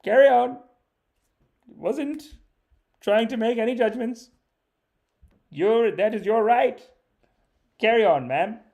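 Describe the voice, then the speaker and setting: A man's voice: very high voice, slow pace, vocal fry, long pauses, a little mellow, pitched above the performer's own voice, full character voice. A man voicing a flustered school principal who hurriedly apologizes in a raised, fawning voice.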